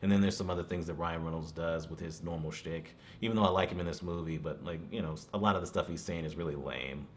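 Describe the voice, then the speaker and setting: A man's voice: deep voice, steady tone, fast, hardly any pauses, a little hiss or hum. A man giving a casual, rambling movie review, full of "you know" asides and chuckling now and then.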